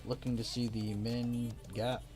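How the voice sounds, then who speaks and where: A man's voice: medium pitch, little pitch movement, measured pace. A young man casually chatting on a stock trading live stream, reading chat and talking loosely with restarts. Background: faint music.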